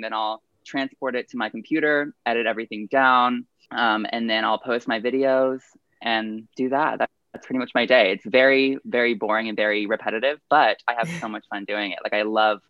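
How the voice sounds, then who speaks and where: A man's voice: mid-range voice, steady tone, smooth, no room sound, lo-fi sound. A young man with a Texas Southern accent, chatting as a podcast guest in an upbeat, talkative way. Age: young adult. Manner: chatty and upbeat, quick bursts of talk. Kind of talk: casual interview chat.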